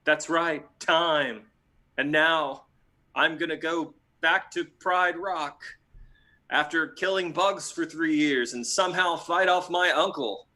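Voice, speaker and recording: A man's voice: fairly high pitch, steady tone, takes it slowly, pushed and bright. A man on a video call playing a fretful young male lion prince, in an earnest confessional improv monologue. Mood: rueful.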